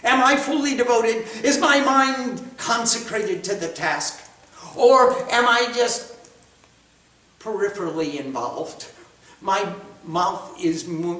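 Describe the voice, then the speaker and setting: A man's voice: high-pitched, lively intonation, takes it slowly, bright, forceful tone. A man teaching a spiritual class, telling stories and answering students' questions in an emphatic, repetitive style. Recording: echoey room, far from mic.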